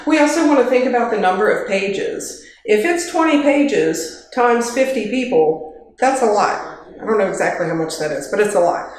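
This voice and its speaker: A woman's voice: mid-range voice, expressive, normal speed, a little hiss or hum. A woman gives a casual workplace training talk, practical and chatty, with light joking asides. She speaks into a handheld microphone. Her voice rings around a very echoey kitchen.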